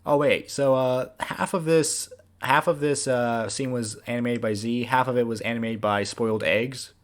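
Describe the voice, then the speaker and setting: A man, the creator of an animated series, giving a casual, rambling director's commentary with many fillers. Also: mid-range voice, normal speed.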